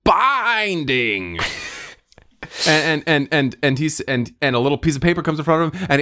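A man improvising a comic story, excitable and stumbling over repeated words. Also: on the high side.

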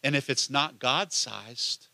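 Bright-voiced man preaching a sermon. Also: mid-range voice, takes it slowly, creaky, no echo. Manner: conversational, asks the listeners many questions. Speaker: pastor.

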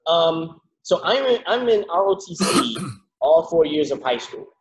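A man guest in a casual interview, chatty and expressive as he tells his story. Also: on the high side, measured pace, poor audio. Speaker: guest, hip hop artist and martial arts teacher.

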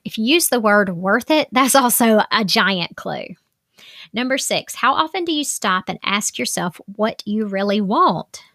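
A woman's voice: medium pitch, a bit bright, no room sound, studio quality. A woman life coach giving casual self-help advice, chatty and full of "like" fillers.

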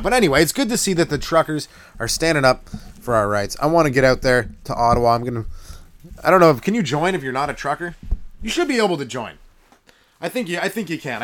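A man's voice: medium pitch, fairly bright tone. A man, hosting a solo comedy podcast in a profane, rambling, sarcastic rant. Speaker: stand-up comedian and podcast host.

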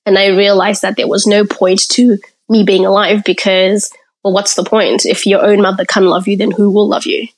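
A woman's voice: medium pitch, little pitch movement. Candid woman from Africa sharing her story. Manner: candid and reflective, pausing to gather thoughts. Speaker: podcast guest. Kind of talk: personal storytelling in an interview.

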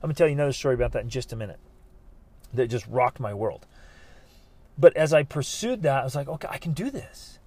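A man hosting a podcast, telling his own stories in an earnest, animated way with frequent restarts. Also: medium pitch, fast, pauses often, dry recording. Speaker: podcast host. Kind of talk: motivational podcast monologue.

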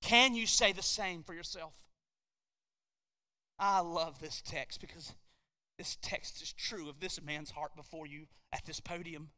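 A male pastor preaching from a podium, his high, very bright voice rising to loud emphasis and then dropping low. The sound rings with a long hall reverb. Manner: preaching with swells from quiet to shouted emphasis. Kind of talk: sermon. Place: church sanctuary at a podium.

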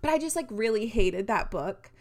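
A young woman co-hosting a casual book-club podcast who rants in an animated way and swears freely. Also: medium pitch, moderate pace. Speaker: podcast co-host.

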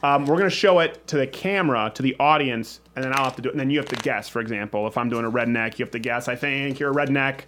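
A man's voice: mid-range voice, fast, few pauses, fairly bright tone, a little hiss or hum. A man hosting a casual studio show, joking and rambling with frequent restarts. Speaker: host.

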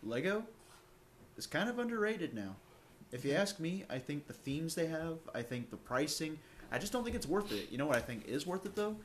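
A young man co-hosting a casual podcast chat, joking and ranting with animated energy. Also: a little high, fairly quick, slight background noise. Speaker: podcast co-host.

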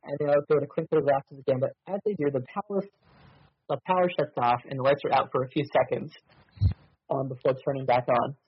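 A man's voice: medium pitch, fairly even intonation, fairly quick, husky, lo-fi sound. A man running a tabletop mystery game as game master, narrating with many ums and uhs.

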